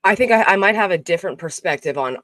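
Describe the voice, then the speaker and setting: A woman's voice: on the low side, animated, fast talker, fairly bright tone, no room sound. A woman appearing as a guest on a podcast, chatting in a playful, easygoing way. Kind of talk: casual chat.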